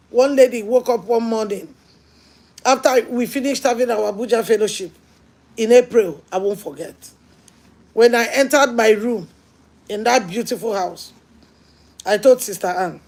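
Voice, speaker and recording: A woman pastor preaching a sermon, telling stories earnestly and swinging between hushed lines and emphatic ones. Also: fairly high pitch, lively intonation, normal speed.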